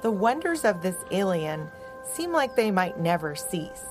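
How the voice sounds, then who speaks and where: A woman co-hosting a podcast, narrating a children's story in a slow, expressive and playful way. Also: on the low side. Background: music.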